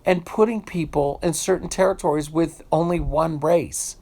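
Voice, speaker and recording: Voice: mid-range voice, fairly even intonation, normal speed, vocal fry, a little mellow. Emotional unscripted rant, vlogger, from the United States, indignant, swears freely, restarts sentences. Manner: indignant, swears freely, repeats phrases while searching for words.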